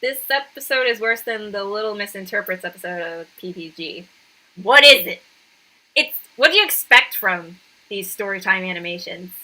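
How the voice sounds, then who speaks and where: Lively, incredulous woman streamer. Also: medium pitch, normal speed. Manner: incredulous, sarcastic. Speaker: streamer reacting to videos. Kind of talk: casual live-stream commentary.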